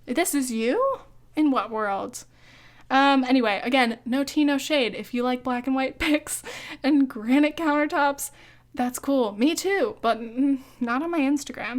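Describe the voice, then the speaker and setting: A woman's voice: sits high, normal speed. Chatty, profane young woman podcasting. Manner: chatty, profane, laughs often, filler-heavy. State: hiccuping. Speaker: podcast host. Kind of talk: solo casual podcast monologue.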